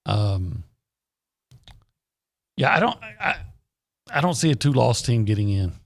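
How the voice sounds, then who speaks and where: A man's voice: medium pitch, very animated, a little slow, creaky. A man co-hosting sports radio talk, giving blunt, opinionated takes in a casual way.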